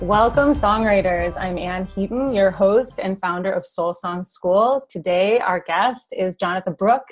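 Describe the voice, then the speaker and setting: A woman hosting a songwriting podcast, reading a guest introduction in a measured way before the interview. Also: mid-range voice, soft background music. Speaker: podcast host.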